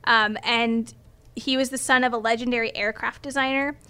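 A woman with a slightly high voice talks through a story in casual podcast chat. She explains step by step, full of ums and little restarts as she goes. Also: steady tone, moderate pace, bright, forceful tone, clean tone. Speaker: podcast co-host presenting the story.

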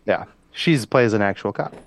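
A man's voice: fairly low pitch, normal speed. A man co-hosting a podcast in casual chat, talking loosely with many fillers and frequent laughs. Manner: chatty, laughs often, trails off with fillers. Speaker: podcast co-host.

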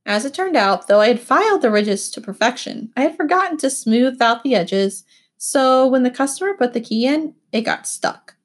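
Woman, audiobook narrator, expressive, animated, fairly high voice, first-person storytelling. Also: normal speed.

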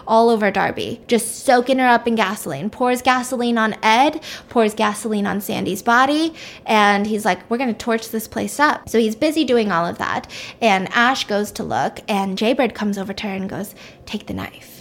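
A woman's voice: mid-range voice, normal speed. A young woman casually retelling a fictional mystery story, chatty and acting out the characters' lines.

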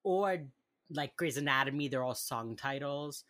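A woman's voice: very deep voice, expressive, a little slow, fairly bright tone, dry recording, studio quality. A woman co-hosting a casual chat show, laid-back and teasing, asking questions. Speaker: podcast co-host.

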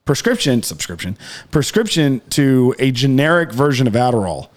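A man's voice: mid-range voice, sing-song, normal speed. A young man co-hosting a podcast, telling a long story in casual chat, rambling with many restarts, fillers and swearing. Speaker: podcast co-host.

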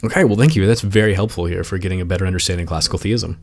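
A man's voice: low-pitched, rapid-fire, slight background noise. A man hosting a podcast, talking in a chatty, casual way with fillers and laughs. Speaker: podcast host.

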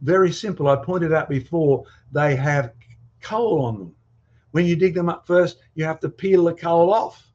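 Husky man lecturing with emphatic challenges. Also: fairly high pitch, animated, normal speed, darkish tone, highs cut off. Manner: emphatic, throws rhetorical questions and challenges at the audience. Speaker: guest speaker on creation and fossils. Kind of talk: lecture with slides and audience questions.

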